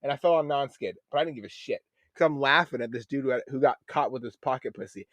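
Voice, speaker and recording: Brief: guest in his 30s, male, lively swearing storyteller, dry close sound. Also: medium pitch, fast, dry recording. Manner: animated, profane, acts out quoted voices. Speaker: guest, Navy veteran. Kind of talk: casual storytelling on a podcast.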